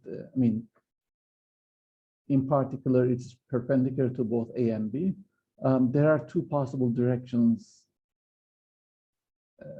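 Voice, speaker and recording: A man's voice: mid-range voice, vocal fry, muffled recording. A man giving a university physics lecture, explaining step by step with frequent fillers and restarts. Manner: hesitant, many fillers and restarts.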